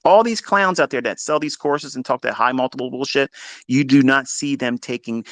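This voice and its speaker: A man's voice: moderate pace, no room sound. Blunt, profane man lecturing on trading. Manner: blunt, profane, swings from low mutters to loud emphatic outbursts. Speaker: trading mentor. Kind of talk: unscripted motivational lecture.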